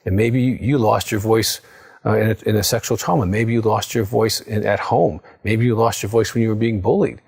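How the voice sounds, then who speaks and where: A man's voice: lowish voice, steady tone, brisk, gravelly, a little mellow, slightly rough. A middle-aged man, a counselor, speaking straight to the viewer in an earnest, coaching way and often checking in with "okay?". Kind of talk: direct-to-camera advice talk.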